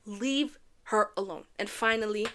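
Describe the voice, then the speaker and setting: A young woman from Canada recapping a reality dating show in a casual, animated way, gushing and repeating lines for effect. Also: mid-range voice, unhurried, background noise.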